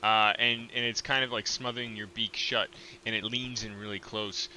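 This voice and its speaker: A man narrating a tabletop game as game master, relaxed and full of ums and uhs. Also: fairly low pitch, moderate pace, slight background noise, rough recording.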